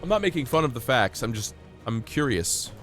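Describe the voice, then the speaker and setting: A sick streamer man with a cold talks through a game in a playful, jokey way. His voice swings wide between high and low as he gets excited, and he coughs now and then. Soft music plays quietly behind him. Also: brisk. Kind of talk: casual live-stream gameplay chat.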